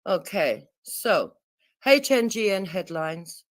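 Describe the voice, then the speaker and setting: A British woman calling in to a live show, answering a hostile host in a calm, curt, defensive way. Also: medium pitch, slow pace, no room sound. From United Kingdom. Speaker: caller. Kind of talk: call-in argument.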